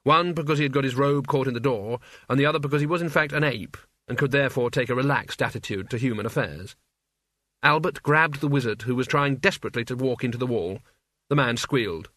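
A man reading a comic fantasy novel aloud as narrator, in a wry, measured storytelling manner. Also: mid-range voice, fairly bright tone, no room sound, studio quality. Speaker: audiobook narrator. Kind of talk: scripted narration.

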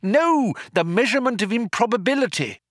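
A man's voice: very high voice, lively intonation, a little fast, a bit bright, no echo, clean studio sound, voice pushed up. A man voicing a bewildered, anxious young man who keeps asking exasperated questions. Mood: baffled.

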